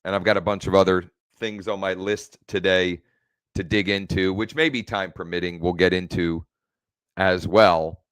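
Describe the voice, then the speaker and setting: A man's voice: deep voice, fairly even intonation, normal speed, fairly bright tone, smooth, no room sound. A man hosting a casual live stream from home as a real estate coach, rambling and often correcting himself mid-sentence. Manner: rambling, self-correcting, restarts phrases.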